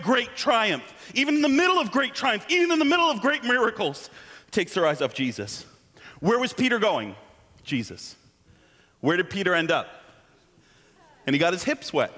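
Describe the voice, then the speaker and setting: Male preacher, high lively voice, jokey and animated, long church reverb. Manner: animated, joking, self-deprecating asides. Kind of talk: sermon. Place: church sanctuary.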